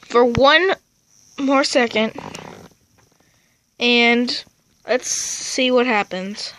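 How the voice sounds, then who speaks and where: Casual vlogger, slow and chatty, talking over footage of her pets. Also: a little high, a bit bright. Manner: chatty, talks to the cats. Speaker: video host filming her cats. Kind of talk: casual home video narration. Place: home room with cats.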